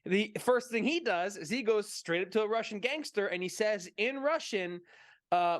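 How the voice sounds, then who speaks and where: A man on a casual movie stream tells a story with lots of energy, slipping into the voices of the people in it and laughing as he goes. His voice sits a bit high for a man, and the sound is dry and close. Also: moderate pace, no echo. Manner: animated storyteller, acts out quotes, laughs often. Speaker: podcast co-host. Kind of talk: casual movie chat, retelling a comedian's story.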